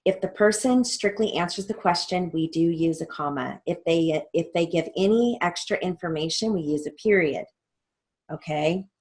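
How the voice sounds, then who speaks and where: In a recorded theory lesson, a court reporting instructor walks through a transcript line by line, naming each punctuation mark as she reads aloud. She speaks at a moderate pace in a slightly mellow voice on the low side.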